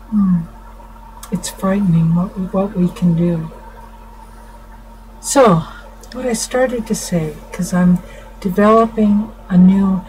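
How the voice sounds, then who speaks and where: A middle-aged woman counselor explaining to viewers in an informal talk, unhurried, restarting her sentences often. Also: fairly low pitch, dark tone, poor audio. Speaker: family counselor. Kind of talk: informal teaching talk to camera. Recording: faint background noise.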